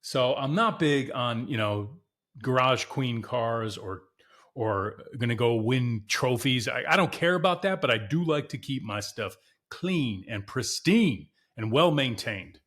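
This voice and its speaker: A man's voice: mid-range voice, animated, measured pace, a bit bright. A man hosting a podcast, chatting casually and candidly to viewers about his car, emphatic and repeating himself for emphasis. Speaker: podcast host.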